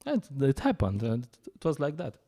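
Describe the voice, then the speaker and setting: A man giving a scripture class, telling stories in an animated way, often laughing and pausing with fillers. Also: mid-range voice, husky. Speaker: lecturer at a temple program.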